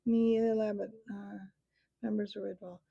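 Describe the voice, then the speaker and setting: A doddering, fussy old mouse voiced by a woman who squeaks barely above a whisper. The voice is dark and gravelly, with a husky edge. It sounds close and dry. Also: flat delivery, normal speed, dry recording, highs cut off. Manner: squeaky, near-whispering, absent-minded. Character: ancient fussy male mouse recordkeeper.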